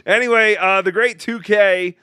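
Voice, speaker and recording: A man's voice: high voice, steady tone, moderate pace, bright, forceful tone, clear, resonant tone, no room sound, studio quality. A man hosting a casual chat, teasing guests with crude jokes. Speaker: host.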